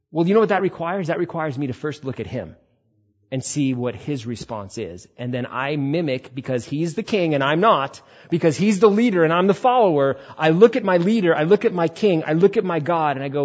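A male pastor giving a conversational sermon, acting out quotes in sudden high bursts, with a husky voice. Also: fairly quick, darkish tone, muffled recording.

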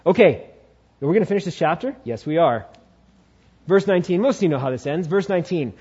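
A male pastor preaching a sermon, driving his point home by repeating key phrases, with dramatic swings in pitch. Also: expressive, fairly quick, darkish tone, slightly rough. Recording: dull lo-fi sound.

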